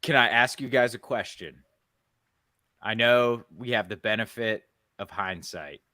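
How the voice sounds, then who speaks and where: A lower-voiced man with a bright, forceful tone co-hosts a casual podcast, raising questions and answering them wryly. His voice sounds dry and close. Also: unhurried, no echo. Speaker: podcast co-host.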